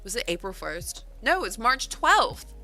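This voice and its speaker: A woman author on a livestream, reading a news report aloud and breaking in with animated, disbelieving exclamations. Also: fairly high pitch, a little slow, faint music behind, low-quality recording. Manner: animated, exclaiming in disbelief between read-out passages. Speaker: author livestreaming a writing session.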